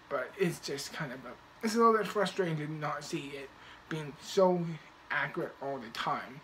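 A man's voice: on the high side, brisk, pushed and bright, a little hiss or hum, poor audio. Man, casual movie review vlog, rambling delivery, frequent restarts, occasional swearing.

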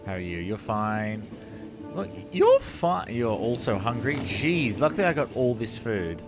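A man hosting a gaming channel, giving animated let's-play commentary and exclaiming at the screen. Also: lowish voice, measured pace, music in the background. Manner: animated, exclaiming, addresses viewers as legends.

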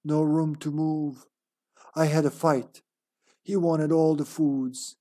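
A man voicing a lonely, infected male ship officer, reading his diary in a slow, hushed put-on monster voice. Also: on the high side, little pitch movement. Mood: unhinged.

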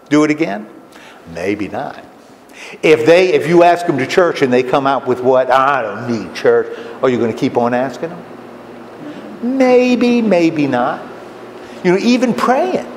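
A man with a high, lively voice gives a folksy sermon and keeps putting questions to his listeners. He is heard in an echoey hall with a faint hum of noise behind him. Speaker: lay preacher. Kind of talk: conversational sermon. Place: common room of a retirement home.

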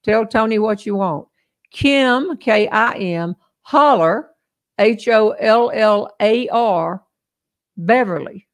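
A woman's voice: mid-range voice, slow pace. An older woman with a Southern US accent hosting a casual live-stream chat, folksy and chatty, laughing often. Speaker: host.

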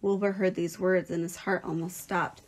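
A woman's voice: on the low side, flat delivery, normal speed. Woman teacher reading a storybook aloud. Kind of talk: reading a children's book aloud.

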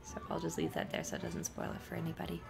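A woman's voice: lowish voice, sing-song, very fast, gravelly, over music. A woman co-hosting a let's play, chatting curiously and giggling while she watches. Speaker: co-host watching a game. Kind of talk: casual chat during a let's play.

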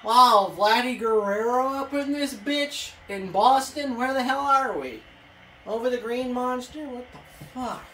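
A woman commentating her own video game play, excitable, swearing and yelling at the screen. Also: on the high side, unhurried. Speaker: gaming video creator. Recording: echoey room, off-mic, faint hiss.

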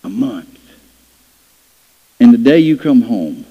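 A man's voice: medium pitch, lively intonation, unhurried, pauses often. A man preaching a sermon, telling folksy stories and acting out voices in them. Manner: folksy storytelling with playful acted-out voices. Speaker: pastor. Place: church sanctuary. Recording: dull lo-fi church hall recording.

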